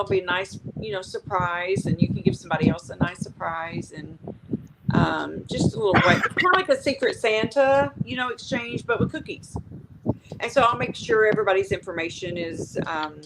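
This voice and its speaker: A woman's voice: medium pitch, very animated, moderate pace, creaky. Chatty woman host, noisy line. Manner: chatty, many ums and you-knows, friendly explaining. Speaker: host of a live chat stream. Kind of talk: casual chat. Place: home room by a fireplace with a fan running. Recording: noisy home recording.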